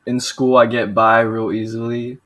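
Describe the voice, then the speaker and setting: A man's voice: medium pitch, little pitch movement, normal speed, fairly bright tone. A young man being quizzed in casual podcast chat, laid-back and slangy, often restarting his sentences. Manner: laid-back slang, says dude and bro, many restarts. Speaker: podcast guest taking a quiz.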